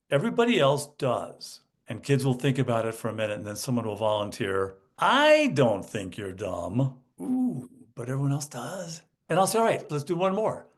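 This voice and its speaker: A man being interviewed on a podcast, explaining how teachers build speaking skills. He talks in a mid-range voice and acts out classroom lines with lively, shifting emphasis. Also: mid-range voice. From United States. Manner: animated, demonstrates emphasis by acting out student lines. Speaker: guest, educational consultant.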